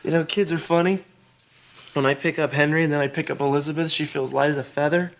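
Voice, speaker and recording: A man's voice: on the high side, fairly even intonation, fast, slight background noise, natural voice. An actor playing a vain, nervous man who exclaims and frets. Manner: jittery, exclaiming. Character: vain nervous middle-aged man at a massage.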